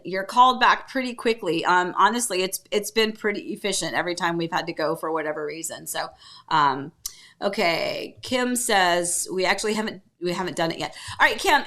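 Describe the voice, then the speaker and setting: A middle-aged woman hosts a relaxed livestream from a table at home. Her voice is bright and forward, and she talks in a loose, rambling way, filling pauses with little hummed syllables. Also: medium pitch. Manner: chatty, rambling, hums filler syllables to herself. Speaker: livestream host. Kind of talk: casual livestream chat.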